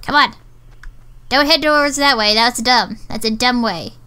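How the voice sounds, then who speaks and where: A woman's voice: a little high, measured pace, pushed and bright, smooth. A woman talking to herself while playing a shooter game, muttering, swearing and getting exasperated. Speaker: gamer. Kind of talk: gameplay commentary.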